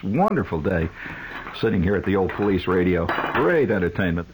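A man's voice: low-pitched, expressive, fairly quick, a little mellow, slight background noise, low-quality recording. A man hosting a radio talk show, delivering a rambling, sardonic monologue full of "uh" fillers and restarts.

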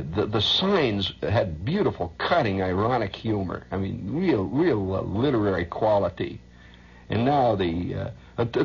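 Husky low-voiced rambling radio host. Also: male voice, muffled recording. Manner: rambling, chuckling, hums sing-song nonsense. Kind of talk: rambling on-air monologue.

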